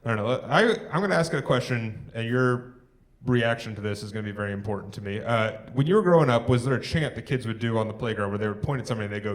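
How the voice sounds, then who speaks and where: A young man doing a live stand-up set on a theatre stage, working the crowd with dry one-liners and pausing for laughs. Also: on the low side, lively intonation. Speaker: stand-up comedian. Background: crowd laughing and clapping.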